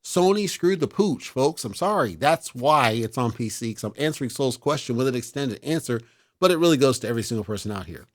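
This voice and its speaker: A man's voice: medium pitch, animated, fairly quick. A man hosting a casual talk show, giving blunt, exasperated opinions in a lecturing rant.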